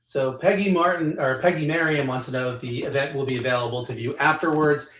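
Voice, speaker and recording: A man moderating a livestream, reading out viewer comments and questions with frequent pauses and ums. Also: fairly high pitch, fairly bright tone, echoey room, a little hiss or hum. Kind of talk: casual livestream chat.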